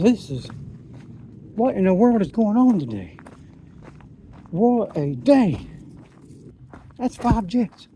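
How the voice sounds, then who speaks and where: A man's voice: high-pitched, dark tone, a little hiss or hum. A man, talking in a rambling, enthusiastic way into his phone while out hiking a mountain trail. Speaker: hiking vlogger. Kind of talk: casual trail vlog. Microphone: phone camera.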